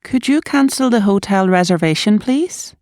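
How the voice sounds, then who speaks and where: Female reader for language drills, clear and careful, dry close sound. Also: mid-range voice, expressive, moderate pace, darkish tone, no room sound. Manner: clear, careful delivery of polite requests. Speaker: reader of practice sentences. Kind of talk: reading English practice sentences.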